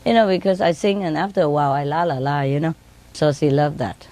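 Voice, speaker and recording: A woman speaking English with non-native grammar, telling laughing stories about her birds and mimicking them in a high voice. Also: fairly quick, dark tone. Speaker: bird owner telling stories. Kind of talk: casual storytelling.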